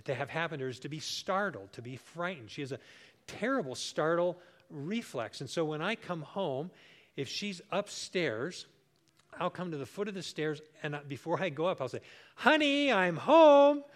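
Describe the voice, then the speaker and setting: A man's voice: on the high side, animated, moderate pace. A man in his sixties preaching a sermon as pastor, telling a homely story and acting out the voices he quotes. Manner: warm storytelling, acts out quoted voices with big jumps.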